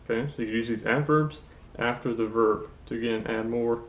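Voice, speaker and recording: A man teaching a French lesson, explaining slowly, saying "okay" a lot and repeating each model phrase twice. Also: medium pitch, fairly even intonation, dull audio. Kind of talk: classroom lesson.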